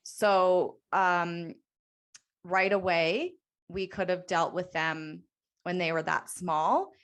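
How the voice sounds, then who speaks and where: A woman's voice: fairly low pitch, steady tone, slow pace. A woman in her thirties co-hosting a podcast, talking earnestly and emphatically, with a touch of sarcasm. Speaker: podcast co-host. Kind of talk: casual chat.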